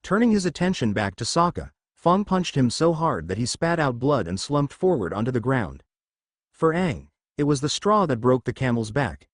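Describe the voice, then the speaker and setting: Man narrating a story, lively pitch. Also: normal speed, dry recording, clean studio sound.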